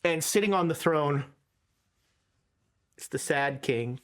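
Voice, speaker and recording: A woman's voice: low voice, animated, slow. A woman running a tabletop horror game as game master, casual and dry.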